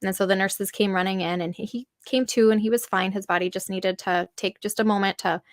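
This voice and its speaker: A woman's voice: mid-range voice, fairly even intonation, brisk, no echo, clean studio sound. A woman in her thirties, a podcast guest, telling a personal story earnestly, full of fillers and acted-out quotes.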